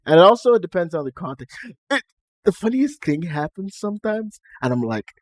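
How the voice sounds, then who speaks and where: A man's voice: sits high, very animated, moderate pace, no echo. A young Nigerian man speaking in a put-on generic American-Canadian accent, chatting casually on a live stream and often laughing at himself. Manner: chatty and self-amused, laughing between remarks.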